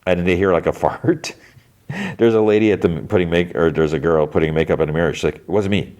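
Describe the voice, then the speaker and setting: A man's voice: low voice, fast talker, darkish tone. A man hosting a podcast, casually retelling a TV episode scene by scene and quoting the characters in a raised voice. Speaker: podcast host.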